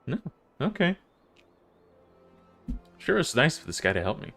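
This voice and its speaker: Man, game streamer, casual offhand asides, lively pitch, faint music behind. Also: a little slow, creaky, pauses often. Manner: offhand, self-deprecating asides. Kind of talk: casual gameplay commentary.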